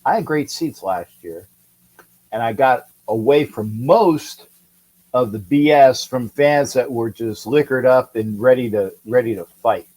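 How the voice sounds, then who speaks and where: A man from California chats and rambles on his casual live sports talk stream, reading viewer comments aloud and greeting people by name. He speaks a little slowly in a mid-range, slightly mellow voice over poor audio.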